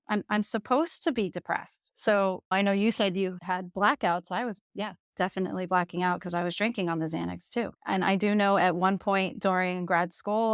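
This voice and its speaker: A woman in her thirties from the Jersey Shore, a podcast guest candidly telling her own story with lively laughter. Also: on the low side, smooth, dry recording, studio quality. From Jersey Shore, USA.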